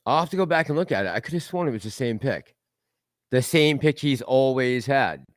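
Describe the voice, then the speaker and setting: A man's voice: mid-range voice, expressive, brisk, no room sound, clean studio sound. A man hosting a casual livestream, rambling and laughing as he reads out and answers chat messages. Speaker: livestream host reading chat.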